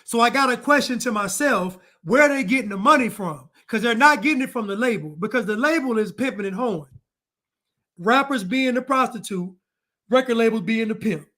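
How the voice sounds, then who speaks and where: A man's voice: very high voice, lively intonation, moderate pace, pushed and bright. A man delivering an opinion commentary monologue, emphatic and repetitive as he hammers his points home. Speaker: online commentator.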